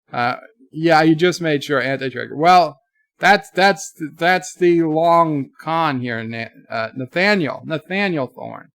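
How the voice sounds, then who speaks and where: Chatty livestream host, a bit high. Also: male voice, slow, fairly bright tone, no echo, clean studio sound. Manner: chatty, mocking, slips into joke accents. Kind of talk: reading viewer chats on a livestream.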